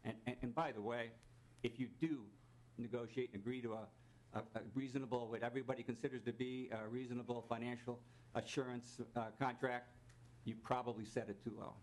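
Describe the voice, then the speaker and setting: A man's voice: mid-range voice, steady tone, brisk. A man in his sixties, a recently retired financier, reading prepared testimony to a legislative committee in a formal, pointed way with dry mock-salesman asides. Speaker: witness testifying at a legislative hearing. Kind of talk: prepared testimony read aloud. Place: legislative committee hearing room.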